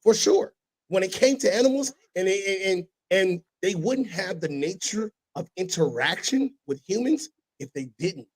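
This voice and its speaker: A man hosting a casual podcast, telling stories with animated delivery and sudden loud impressions. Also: high-pitched, moderate pace, slightly rough, poor audio. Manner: animated storytelling, breaks into loud shouted impressions. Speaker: podcast host.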